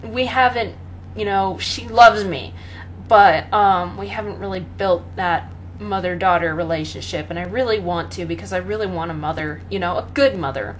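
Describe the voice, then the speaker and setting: A young woman chatting casually about her pets, rambling with many pauses and fillers and often breaking into laughter. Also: fairly low pitch, a little hiss or hum. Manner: rambling, full of ums and laughs, talks to her cat. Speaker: pet owner vlogger. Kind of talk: casual chat.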